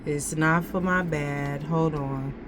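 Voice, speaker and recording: Slow and unhurried, this tarot reader lingers on each card in a steady, slightly low voice. She speaks loosely and with slang, repeating phrases while working things out, and a faint room hum sits in the background.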